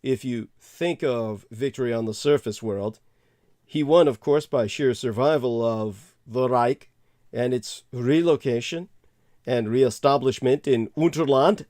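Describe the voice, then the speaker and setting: A man's voice: medium pitch, unhurried, darkish tone, dry recording, clean studio sound. A man hosting a talk show, delivering a rambling monologue and laughing off interruptions. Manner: long-winded, laughs off interruptions. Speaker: podcast host.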